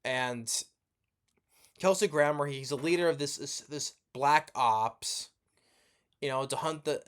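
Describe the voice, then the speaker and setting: A man's voice: medium pitch, smooth. A man giving a rambling, profane movie review rant, sleepy and yawning as he talks, with lots of restarts.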